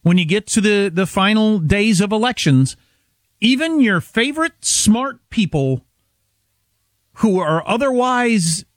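Animated, opinionated male talk host. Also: high voice, a little slow, no room sound, studio quality. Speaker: political talk show host. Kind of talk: casual political banter.

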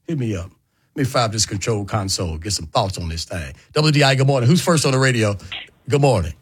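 Guy on morning call-in radio, swoops up and down a lot, kinda husky. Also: fast talker. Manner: animated, colloquial storytelling with lively pitch swings. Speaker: radio talk show host.

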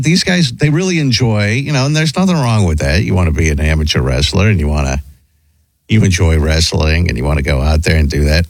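Male radio host, lively swooping pitch, dry close mic, casual chat. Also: no room sound. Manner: animated, wondering aloud, quick asides. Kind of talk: casual radio chat, reading listener emails.

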